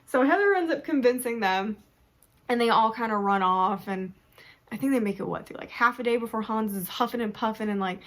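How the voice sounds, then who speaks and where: A young woman chats through a book review in a casual, animated way. She laughs often and acts out her reactions. Her voice sits a little on the high side. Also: fairly quick. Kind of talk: casual chat.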